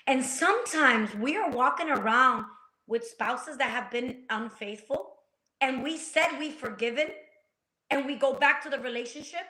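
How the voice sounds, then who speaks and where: A woman tells her faith story with a preacher's passion, her voice high and bright. Her words ring in an echoey room. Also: normal speed. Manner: passionate, preacher-like, acts out quotes. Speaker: guest sharing testimony. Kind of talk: faith-based talk show conversation.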